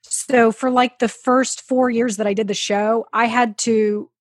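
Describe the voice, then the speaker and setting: A woman's voice: a little high, fairly even intonation, a little slow, no echo. Chatty woman guest, dry sound. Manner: chatty storyteller, many "like"s. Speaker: podcast guest. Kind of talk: casual chat.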